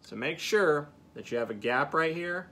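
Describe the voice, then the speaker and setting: A duck calling instructor teaches beginners in a hands-on demonstration, coaching step by step with frequent "okay" check-ins. His voice is on the high side, animated and a bit bright, at normal speed.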